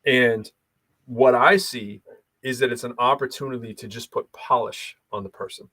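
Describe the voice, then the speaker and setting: A man's voice: mid-range voice, moderate pace, dry recording. Rambling man with a light Boston accent. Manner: rambling, animated storyteller with many restarts. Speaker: podcast co-host. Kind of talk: casual chat.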